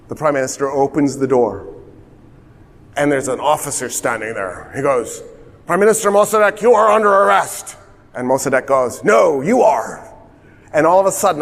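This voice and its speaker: A man retelling history as a lively comic story, acting out the dialogue of the people in it. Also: on the high side, long reverb tail. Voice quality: animated, acts out dialogue.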